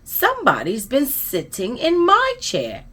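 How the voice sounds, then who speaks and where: A woman doing a squeaky little bear cub. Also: huge pitch swings, a little slow, a bit bright, slightly rough, exaggerated voice. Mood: tearful. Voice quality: high squeaky.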